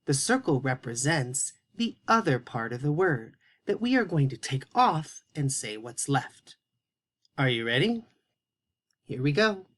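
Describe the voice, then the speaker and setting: A male teacher giving a phonics lesson to young children, speaking slowly and encouragingly and spelling out each word with care. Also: medium pitch, very animated, a bit bright. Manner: slow, encouraging, carefully spelled-out words for young kids.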